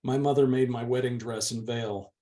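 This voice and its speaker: A man's voice: mid-range voice, fairly even intonation, moderate pace, mellow. A man, the channel's host, steadily reading a novel's chapter aloud. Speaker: book reader, channel host.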